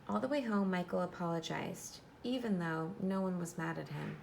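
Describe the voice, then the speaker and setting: A woman teacher giving a classroom read-aloud of a storybook, reading in a clear, instructive way and pausing to explain. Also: fairly low pitch, expressive, slight background noise.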